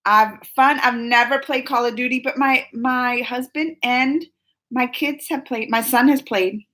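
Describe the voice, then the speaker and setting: Chatty, rambling woman streamer. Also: measured pace. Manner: chatty and rambling, with lots of restarts and asides; animated, with pitch jumping up when excited. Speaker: livestream host. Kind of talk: casual live chat with viewers.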